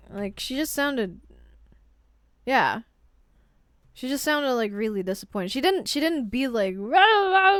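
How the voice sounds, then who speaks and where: A woman's voice: a little high, no room sound. A woman streaming herself as she reacts to a movie, chatting casually, rambling, and often repeating words as she trails off. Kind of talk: casual live-stream commentary.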